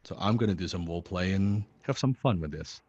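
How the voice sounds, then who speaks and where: A man's voice: sits low, animated, fairly quick, a little mellow, husky, dry recording, lo-fi sound. A man coaching a sales team on a video call. He talks casually, often correcting himself as he explains. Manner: chatty, self-correcting, explanatory. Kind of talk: sales training role-play.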